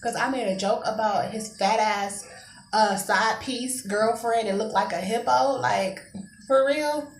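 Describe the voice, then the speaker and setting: A young woman vlogger telling a dramatic story in a casual, profane, animated way. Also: mid-range voice, unhurried, reverberant.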